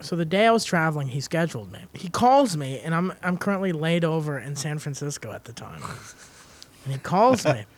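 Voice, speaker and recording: A man's voice: on the high side, expressive, brisk. A young man from Texas hosting a podcast, telling comic stories, laughing often and acting out the people in them. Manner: laughs often, acts out others in dialogue. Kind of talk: casual comedic storytelling.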